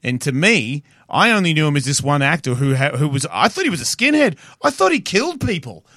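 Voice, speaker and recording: A man's voice: a little high, very animated, brisk, sharp tone, no echo, clean studio sound. A man in his forties with an Australian accent, a podcast guest telling rambling stories in a blunt, profane way. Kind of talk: casual chat.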